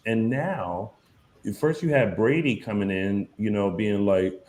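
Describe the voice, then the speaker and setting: A man's voice: fairly low pitch, animated, normal speed, darkish tone, a little hiss or hum. A man co-hosting a soap opera recap podcast, talking casually and acting out scenes in quoted voices. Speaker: podcast co-host. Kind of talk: casual chat.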